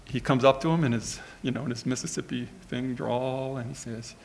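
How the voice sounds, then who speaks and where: Gravelly man telling a story. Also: mid-range voice, fairly even intonation, fairly quick, hardly any pauses, a little hiss or hum. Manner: rambling, conversational anecdote with many asides. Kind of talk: storytelling sermon.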